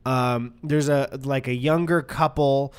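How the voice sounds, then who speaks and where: A man's voice: mid-range voice, slow, clean tone. A young man co-hosting a podcast, telling a story in casual chat, swearing freely and acting out what people said. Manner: animated storyteller, acts out quotes. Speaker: podcast co-host.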